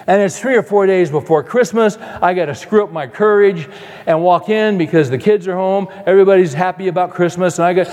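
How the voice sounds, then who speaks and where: An older man preaching a sermon, telling a personal story, acting out his past voice and dropping soft and low at the end. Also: brisk. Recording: long reverb of a large hall.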